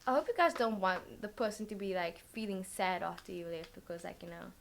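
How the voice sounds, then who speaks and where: A woman talks through a tarot card reading in a loose, rambling way, filling pauses with ums and likes as she thinks aloud. Her voice sits at an ordinary middle pitch. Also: creaky, a little hiss or hum. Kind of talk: casual tarot reading vlog.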